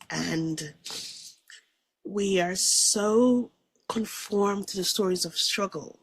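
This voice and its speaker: A soft-spoken woman speaks as a guest about a spiritual experience, earnest and reflective, often sinking into a near-hush. Her voice is husky and breathy, and the recording is dry and close with no room sound. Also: medium pitch, takes it slowly, long pauses, no echo. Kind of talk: personal spiritual testimony.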